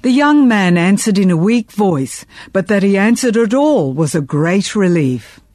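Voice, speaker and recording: A woman tells a first-person historical story in a steady, expressive reading voice. Her pitch sits in the middle, neither high nor low. The sound is dry and close, with no room around it. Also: unhurried, dry recording. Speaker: audiobook narrator. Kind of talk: scripted first-person narration.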